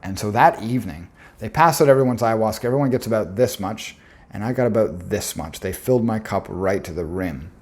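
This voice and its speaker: A man's voice: on the low side, animated, fairly quick, darkish tone. A young man telling a personal story in an earnest, intense way, often stopping to restart his words.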